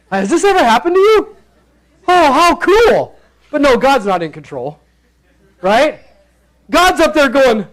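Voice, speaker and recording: High-voiced playful preacher. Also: male voice, big pitch swings, measured pace, pauses often, a bit bright, rough recording. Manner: playful, acts out the characters in bursts. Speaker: pastor. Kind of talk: expository sermon. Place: church sanctuary.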